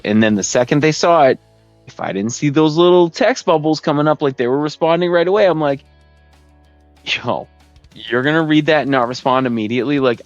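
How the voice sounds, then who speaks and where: A man's voice: mid-range voice, no room sound, highs cut off. A man hosting a podcast from his basement, ranting with profanity in a casual, rambling way and acting out his friends in put-on voices. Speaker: podcast host. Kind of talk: casual comedic rant. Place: home basement gaming room.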